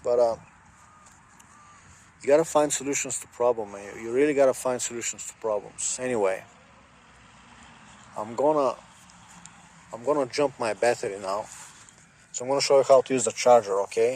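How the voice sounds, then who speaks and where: A man's voice: medium pitch, brisk, pauses often, darkish tone. A man chatting casually and rambling with lots of fillers, recorded on a phone outdoors beside a car. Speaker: vlogger. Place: outdoors by a car, jump-starting it.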